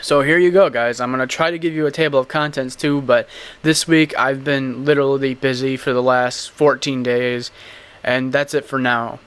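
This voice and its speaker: Young guy hosting a gaming podcast, smooth voice, rambles bluntly. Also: mid-range voice, steady tone, normal speed, a bit bright. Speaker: podcast host. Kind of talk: casual podcast chat.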